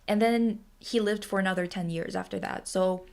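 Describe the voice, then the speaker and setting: A woman's voice: medium pitch, steady tone, moderate pace, creaky, darkish tone. A young woman streaming and chatting casually, blunt and emphatic, with frequent swearing. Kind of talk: casual livestream chat.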